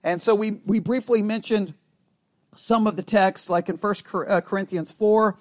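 High-voiced man teaching a Bible class. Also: moderate pace, dry recording, studio quality. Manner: chatty, asks the class questions often; acts out sarcastic quotes in a low mumble.

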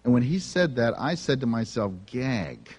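A man's voice: medium pitch, expressive, fairly quick, a little mellow, breathy edge, long reverb tail. A man preaching a sermon, telling personal stories in an earnest, conversational way. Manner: earnest, conversational, self-confessing. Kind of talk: sermon storytelling.

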